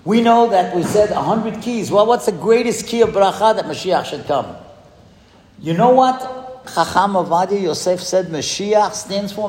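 A man giving an animated sermon with storytelling, asking the audience rhetorical questions. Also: moderate pace. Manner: animated, rhetorical questions, swings pitch widely for emphasis. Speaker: rabbi speaking to a school audience. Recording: echoey hall, heard from a distance.

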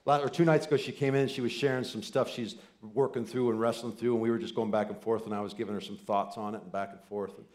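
A man in his forties preaching a sermon, telling family stories with quoted voices and swinging from loud excited bursts to soft, near-whispered lines. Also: fairly low pitch, fast talker, few pauses. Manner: animated storytelling with quoted voices and asides. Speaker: pastor.

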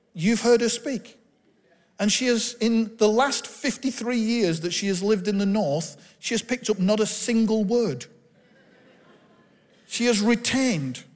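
A man's voice: high-pitched, in a large hall. A man with a northern English accent from Bolton, preaching a candid, conversational sermon with self-deprecating stories. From Bolton, England. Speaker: pastor.

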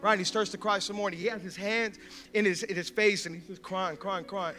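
A male pastor telling a story in a sermon, animated, acting out quotes and laughing often. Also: high voice, brisk.

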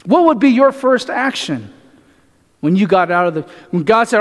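A man's voice: high-pitched, expressive, moderate pace. A male pastor preaching a sermon, asking the congregation rhetorical questions and often adding "right?". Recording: echoey hall reverb.

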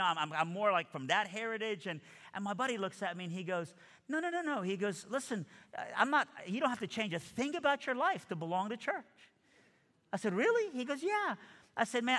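A man's voice: mid-range voice, bright, forceful tone. A man giving a storytelling testimony, acting out the dialogue as he goes. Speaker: speaker giving his testimony. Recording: long hall reverb.

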